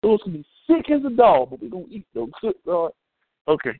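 A man preaches with a bright, high voice that leaps up and down in pitch. He jokes and calls out to the congregation as he goes. The sound is thin and phone-like, with no room echo. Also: fairly quick. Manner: animated, humorous preaching with call-outs to the congregation. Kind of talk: sermon.

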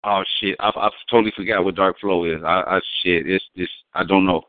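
Man, very low voice, loose profane rambling talk, thin phone-line sound. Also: fairly even intonation, brisk, dry recording. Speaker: guest. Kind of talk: casual profane explaining.

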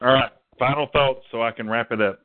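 A man's voice: medium pitch, steady tone, fairly quick. A man hosting a casual call-in talk show, folksy and joking. His voice sits mid-range, thin and tinny like a phone call. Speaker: host.

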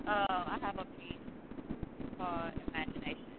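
A woman's voice: on the low side, fairly even intonation, normal speed. A woman calling in to a radio show as a poet, sassy, profane and teasing. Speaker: caller, poet. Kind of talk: call-in radio chat. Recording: tinny phone line with hiss.

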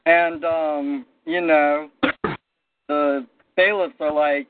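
A man's voice: a little high, takes it slowly, heavy background noise. Storytelling man on a tinny line. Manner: animated anecdotal storytelling. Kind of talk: casual storytelling. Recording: tinny phone-line audio.

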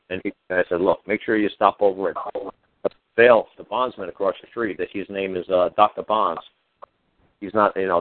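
A man's voice: low-pitched, dry recording. A man hosting a podcast, telling a rambling, profane story in a casual way and acting out the voices of the people in it. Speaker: podcast host. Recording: tinny phone-like line, dry.

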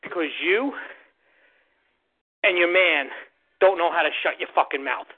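A podcast host talks in a blunt, swearing, opinionated way at a medium pitch. The sound is thin and tinny, like a phone line. It is a loose, casual chat. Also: unhurried, husky.

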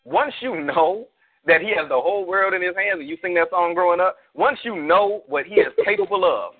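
A man's voice: high voice, fairly quick. A man, a pastor, talking casually on a church call show, preaching through slangy stories and hypotheticals. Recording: tinny phone-like call audio.

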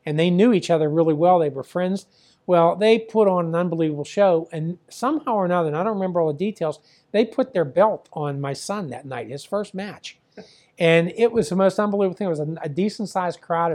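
A man's voice: high-pitched, darkish tone. Rambling older man telling a family story. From Pittsburgh area. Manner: rambling storyteller, constantly repeating "I says" and "he goes". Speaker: former wrestling promoter and father.

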